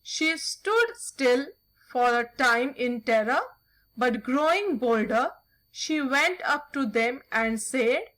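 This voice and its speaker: A woman teacher reading a folk tale aloud and pausing to give vocabulary instructions. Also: high-pitched, expressive, fairly bright tone, rough recording. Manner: slow, careful reading with instructions.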